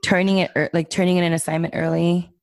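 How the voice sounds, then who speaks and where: A woman's voice: on the low side, flat delivery, fast, dry recording. A woman co-hosting a casual podcast, chatting in a rambling, giggly way with lots of fillers. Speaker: podcast co-host. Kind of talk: casual chat.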